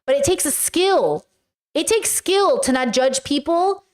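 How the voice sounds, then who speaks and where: A woman chats on her livestream in a high voice that sits well above most. She rambles candidly, drops swear words freely and slips into little acted-out quotes as she talks. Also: sing-song, a little slow. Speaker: livestream host. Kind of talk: casual livestream chat. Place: home livestream.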